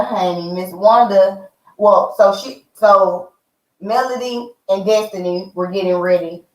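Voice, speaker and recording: Chatty woman vlogger in an echoey room. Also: on the low side. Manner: animated, chatty, addresses viewers as y'all and honey. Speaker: reality TV review vlogger. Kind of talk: casual chat. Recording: roomy, mic at a distance.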